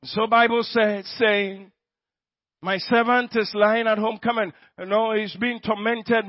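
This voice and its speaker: A man with a very high voice preaches a slow, deliberate sermon. He repeats his phrases for emphasis and rises into shouted prayer. The sound is dull and dry. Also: dry recording.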